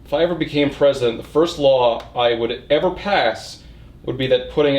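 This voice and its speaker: A man rambles through a casual tour of his bookshelves, dropping wry jokes as he goes. His voice sits at an ordinary middle pitch. The sound is roomy and echoey, recorded in a home reading nook open to a balcony. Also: normal speed. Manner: wry, joking asides. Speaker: book channel host. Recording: echoey room.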